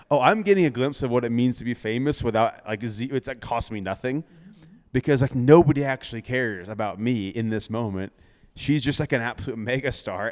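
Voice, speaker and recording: A young man, a DJ, telling a story in casual chat, animated, laughing often and filling with lots of "like". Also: mid-range voice, big-room sound. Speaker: DJ and podcast guest.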